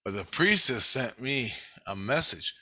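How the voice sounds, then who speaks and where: A man's voice: mid-range voice, lively intonation, a little slow, sharp tone, dry recording, clean studio sound. A middle-aged man telling a long, rambling story in a casual, profane way. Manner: rambling, profane, retelling a dream. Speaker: vlogger.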